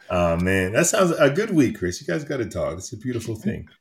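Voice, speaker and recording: A man co-hosting a casual chat show, telling stories with animated energy and frequent laughter. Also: medium pitch, moderate pace, a little hiss or hum. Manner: animated storyteller, laughs often. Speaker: podcast co-host.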